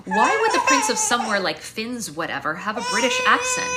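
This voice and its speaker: Live streaming from home on a phone mic, a woman author reads her own novel in wry, expressive first-person narration. Her voice sits a little high and moves fairly quickly with hardly any pauses, and the audio is very noisy.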